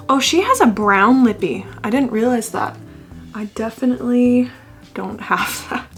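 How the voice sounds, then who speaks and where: A young woman in her twenties talks casually through a makeup vlog in a somewhat high voice. She is chatty and self-mocking, swears freely, and now and then slips into mock-dramatic wails. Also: animated, normal speed, fairly bright tone, faint music behind. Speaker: beauty vlogger.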